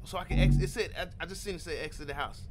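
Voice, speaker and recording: A man playing through a horror game, reacting out loud in jumpy, slangy commentary and talking to himself. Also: sits high, very fast, a crowd in the background. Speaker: gaming channel host.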